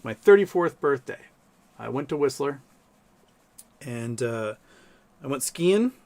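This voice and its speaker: A man's voice: medium pitch, expressive, takes it slowly, darkish tone. A man in his thirties hosting a livestream, telling rambling stories in a casual chat with lots of fillers. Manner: rambling storytelling with many fillers. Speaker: livestream host.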